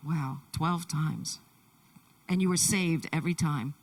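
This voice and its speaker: A woman voices a Deaf man's testimony in the first person, speaking in a slightly low register. She talks haltingly, restarting her sentences as she interprets. The mic sits some distance away in a church. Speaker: sign language interpreter.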